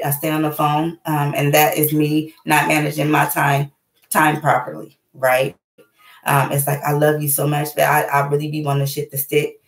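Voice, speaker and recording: Blunt, profane woman in an echoey room. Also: sits low. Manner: blunt, profane, animated and preachy. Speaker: channel host giving life advice. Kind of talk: casual livestream talk.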